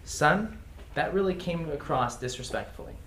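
A man's voice: on the high side, expressive, normal speed, a bit bright. A man teaching a casual class, reading example phrases aloud and chuckling often. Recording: echoey room with faint noise.

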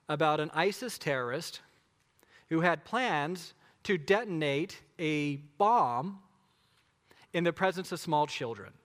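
A man's voice: a little high, a bit bright. Man preaching in a reverberant hall. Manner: emphatic, conversational preaching with rhetorical questions. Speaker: pastor. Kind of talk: sermon.

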